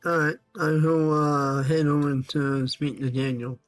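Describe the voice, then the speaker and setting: A man playing a tabletop game, speaking haltingly. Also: a little high, steady tone, no room sound, faint music behind, poor audio. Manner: slow, halting with fillers. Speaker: player.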